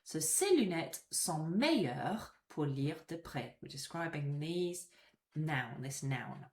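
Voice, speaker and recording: Woman, teacher; lower voice with lively swings; patient, repeats examples; roomy echo. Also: slow pace. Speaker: French teacher. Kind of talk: explanatory language lesson.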